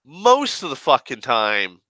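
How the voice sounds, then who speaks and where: A man's voice: mid-range voice, wildly swooping pitch, slow pace, bright, forceful tone, no room sound. A sick young man who coughs now and then, rambling in a profane, grumbling, sarcastic rant. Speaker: online rambler.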